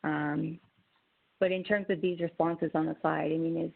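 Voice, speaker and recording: Female presenter, low-pitched and gravelly, relaxed teaching tone over a tinny call line. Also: moderate pace. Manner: conversational, with frequent restarts. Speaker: webinar presenter, social worker. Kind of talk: teaching webinar talk. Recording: tinny phone-like webinar audio.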